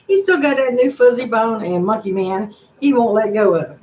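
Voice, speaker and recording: A woman's voice: fairly high pitch, moderate pace, darkish tone, slight background noise. An older woman hosting a casual live-stream chat, rambling along in a folksy, chatty way. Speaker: channel host. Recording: echoey room.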